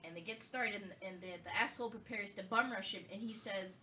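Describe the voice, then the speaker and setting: A woman's voice: medium pitch, fairly quick, sharp tone, recorded from a distance, a little hiss or hum. A woman co-hosting a casual gaming podcast, telling a long story with many fillers and restarts. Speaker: podcast co-host.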